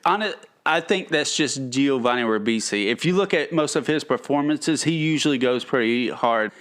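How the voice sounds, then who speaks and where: A man's voice: medium pitch, expressive, moderate pace, a bit bright. A man co-hosting a podcast who chats about a film enthusiastically and laughs easily. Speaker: podcast co-host. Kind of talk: casual film review chat.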